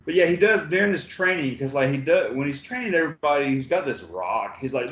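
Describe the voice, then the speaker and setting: A man co-hosting a podcast, talking haltingly with many fillers and acting out characters in mock voices. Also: mid-range voice, lively intonation, a bit bright, echoey room, poor audio. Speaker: podcast co-host. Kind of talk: casual film review chat.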